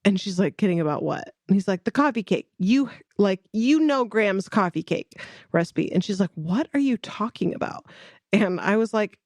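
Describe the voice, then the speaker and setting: A woman's voice: medium pitch, expressive, normal speed, a little mellow, no room sound. A woman co-hosting a podcast, telling a family story in casual chat and acting out the quotes. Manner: chatty storyteller, acts out quotes with laughs. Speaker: podcast co-host.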